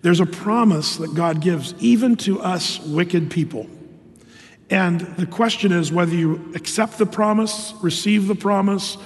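An older man preaching a sermon as pastor, reading scripture and answering imagined objections in an animated way. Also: high-pitched, measured pace, big-room sound.

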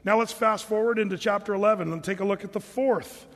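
A man's voice: high voice, fast, long reverb tail. A man preaching a sermon as pastor, conversational, now and then mimicking his listeners.

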